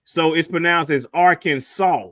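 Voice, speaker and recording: A man's voice: high-pitched, animated, brisk, bright, forceful tone, dry recording, studio quality. A man acting as a life coach on a call-in talk show, teasing and lecturing playfully. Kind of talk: casual call-in show banter.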